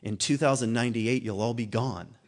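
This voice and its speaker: A man delivers a casual sermon at a spiritual gathering. He thinks out loud in a relaxed, conversational way, often chuckling at his own points and circling back mid-sentence. His pitch sits in an ordinary middle range. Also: fairly quick. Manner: conversational and musing, laughs at himself, many restarts. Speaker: guest speaker at a spiritual community. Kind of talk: informal sermon talk.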